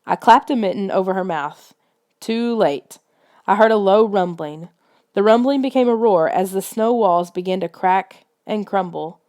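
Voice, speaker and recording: A woman with a medium-pitched, slightly mellow voice narrates a children's adventure audiobook. The scripted reading is delivered in a tense, suspenseful style.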